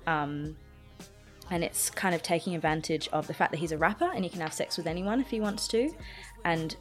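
A woman's voice: fairly low pitch, brisk, soft background music. A woman co-hosting a casual album discussion, thoughtful and hesitant, with many ums. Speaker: podcast co-host.

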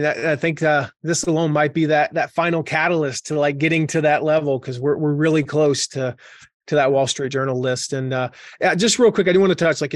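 A man's voice: fairly high pitch, no echo. Male guest, loose chatty delivery, dry close sound. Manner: relaxed, chuckling, full of fillers. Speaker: author and podcast guest. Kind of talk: casual conversational interview.

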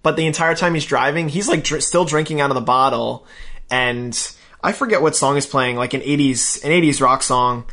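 Male podcast co-host, casual recap, animated storyteller, mid-pitch. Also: moderate pace. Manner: chatty, animated retelling with quoted voices. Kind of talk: casual chat recapping a show.

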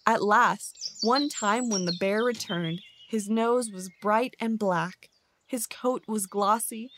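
Slow, soothing woman storyteller. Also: mid-range voice, a bit bright, slight background noise. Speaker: narrator. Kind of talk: bedtime story narration.

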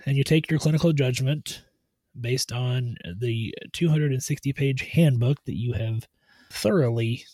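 A man's voice: medium pitch, slightly rough, no echo. Methodical man explaining medical exams. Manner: steady, methodical, tries to stay on task. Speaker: medical provider doing truck-driver physicals. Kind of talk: explanatory podcast chat.

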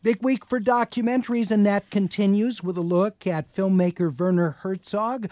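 A man's voice: high-pitched, fairly even intonation, normal speed, dark tone, no room sound. A man hosting a radio film review show, moderating the discussion and reading out film details in a conversational way. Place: radio studio. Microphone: studio microphone.

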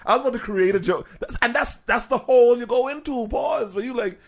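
A man co-hosting a podcast in loose, animated chat. He laughs easily and jumps into voices to act out what other people said. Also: very high voice, brisk. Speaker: podcast co-host.

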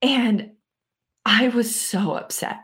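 A woman in her thirties, a mental conditioning coach and podcast guest, telling a personal story in a lively way with many fillers. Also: fairly high pitch, slow pace.

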